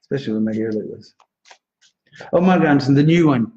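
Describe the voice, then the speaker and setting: A man's voice: animated, fast, mellow. A man giving psychic readings to viewers on a live stream, chatty and reassuring, laughing often. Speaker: psychic astrologer. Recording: dull low-fidelity live stream.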